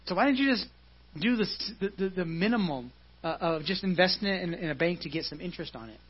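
A man with a high, husky voice preaches a relaxed, conversational sermon, walking his listeners through scripture and tossing in "right?" along the way. The recording is dull and muffled, like a church service captured on modest equipment. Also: fast. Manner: explains scripture casually, often asks "right?". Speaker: pastor.

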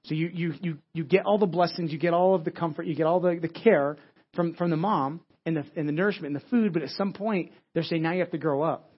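A man's voice: on the high side, steady tone, fast, slightly rough. A man preaching a sermon as pastor, in a conversational way, often restarting phrases and asking "right?". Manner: conversational, repeats words and restarts, frequent "right?". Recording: dull lo-fi audio.

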